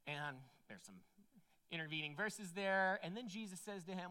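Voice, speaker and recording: A woman's voice: fairly low pitch, moderate pace, clear, resonant tone. A woman preaching a sermon in a conversational way, often checking in with "right?" and "like". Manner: conversational, animated, frequent "right?" and "like".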